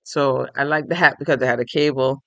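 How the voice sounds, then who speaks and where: A tired, yawning man hosting a crochet and knitting podcast, chatting casually as he shows his items to viewers and thinks out loud. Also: medium pitch, fairly even intonation, brisk, gravelly, no room sound. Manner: chatty, thinks aloud, addresses viewers directly. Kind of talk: casual show-and-tell chat.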